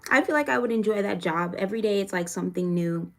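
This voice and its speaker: A woman's voice: mid-range voice, expressive, quick pace, a bit bright. A young woman from Florida chatting casually on a live stream, reading viewer comments aloud and venting frankly with plenty of swearing. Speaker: livestreamer answering chat.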